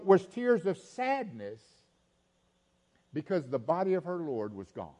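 A man preaching a sermon, repeating phrases and dropping to a hush for quoted lines. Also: fairly high pitch. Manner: animated preaching, swings between loud emphasis and hushed quoted lines, repeats phrases. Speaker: pastor.

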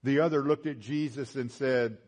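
A man preaching a sermon, swinging from rising, emphatic build-ups to hushed low lines and repeating phrases for emphasis. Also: fairly even intonation, normal speed.

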